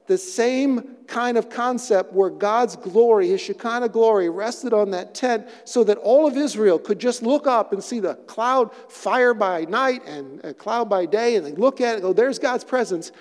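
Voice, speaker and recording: A male pastor giving an expository sermon, with dramatic pauses and emphatic repetition in a church sanctuary. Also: sits high. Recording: long reverb of a large hall.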